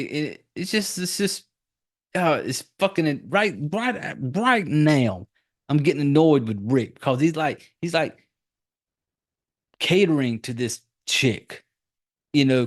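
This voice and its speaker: Forties male host, loose and foul-mouthed, a touch high-pitched, telling a film's plot like a story to friends. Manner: profane, rambling storyteller. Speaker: podcast host. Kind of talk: casual movie recap.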